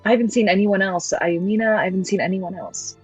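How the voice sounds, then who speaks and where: A woman voicing an earnest young archer who speaks in a hesitant, halting way. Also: medium pitch, steady tone, husky, soft background music, low-quality recording.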